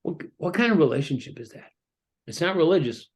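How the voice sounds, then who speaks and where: A man's voice: fairly high pitch, very animated. A middle-aged man, a pastor, talking through a reflective sermon-style message with many ums and restarts. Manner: halting, with frequent ums and restarts. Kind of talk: reflective preaching talk.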